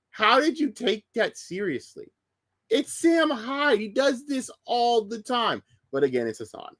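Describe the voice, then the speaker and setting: A man's voice: medium pitch, a bit bright, no echo, studio quality. A man ranting in casual stream commentary, profane, heated and sarcastic. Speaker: streamer reacting to news.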